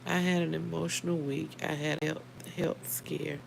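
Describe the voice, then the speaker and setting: A woman's voice: low-pitched, level tone, moderate pace, creaky, a little hiss or hum, low-quality recording. A middle-aged woman, hosting a casual livestream, heartfelt and emotional, talking straight to her viewers by name. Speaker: livestream host.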